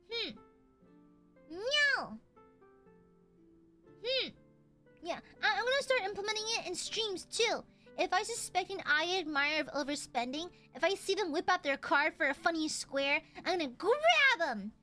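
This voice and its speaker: A woman streamer chatting casually with her audience, excitable and profane, often shouting and laughing. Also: very high voice, measured pace, long pauses, faint music behind. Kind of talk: casual live-stream chat.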